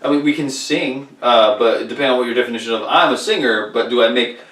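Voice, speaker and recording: A man's voice: medium pitch, fast, a bit bright. Guy cohosting a podcast, ribbing his buddy, laughs a lot, mic kinda far, room echo. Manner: teasing, laughs often. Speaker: podcast co-host. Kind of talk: casual comedic podcast banter. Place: indoor recording room. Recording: roomy room, mic at a distance.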